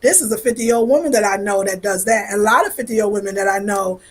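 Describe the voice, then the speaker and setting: A woman's voice: medium pitch, fast. A woman in her fifties from New York with a New York accent, chatting casually and animatedly with viewers on a live stream. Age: 50s. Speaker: vlogger.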